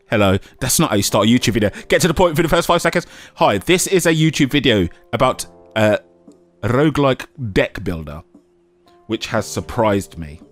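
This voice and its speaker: Playful man with lively delivery. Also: medium pitch, a little fast, soft background music. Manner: playful, self-mocking, bursts of shouting. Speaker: gaming YouTuber. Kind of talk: casual game commentary.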